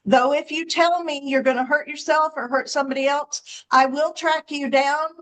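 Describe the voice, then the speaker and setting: A woman's voice: sits high, steady tone, normal speed, fairly bright tone, low-quality recording. A woman mental health professional chatting frankly and emphatically on a casual livestream.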